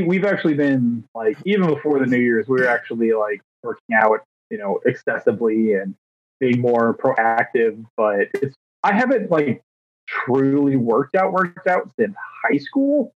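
A man's voice: mid-range voice, lively intonation, moderate pace. A man of thirty co-hosting a podcast, telling rambling, self-deprecating stories with fillers in casual chat. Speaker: podcast co-host. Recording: dry, slightly dull podcast mic.

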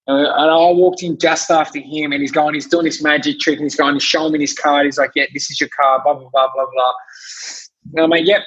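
A husky-voiced man with a fairly high pitch, chatting casually as a podcast guest. He rambles through anecdotes, restarts his sentences and acts out what people said. The audio is a bit dull and muffled. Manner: rambling, animated, many restarts and acted-out quotes. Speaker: gym owner and trainer, podcast guest. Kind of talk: casual storytelling chat.

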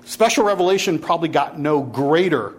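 A man's voice: a little high, animated, a little fast. A man teaching a Bible class, lecturing and challenging his students to argue back.

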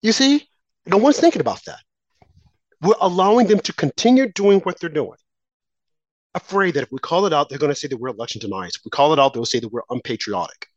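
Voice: medium pitch, expressive, fairly quick, no echo. A political commentator giving an impassioned monologue, repeating phrases, firing off rhetorical questions and mocking opponents in quoted asides. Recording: slightly dull lo-fi recording.

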